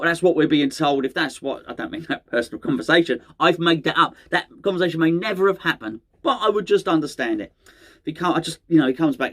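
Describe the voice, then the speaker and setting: A man's voice: a little high, a bit bright. A middle-aged man, hosting a fan channel in rambling, chatty solo talk that often corrects itself mid-sentence. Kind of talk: casual solo fan chat to camera.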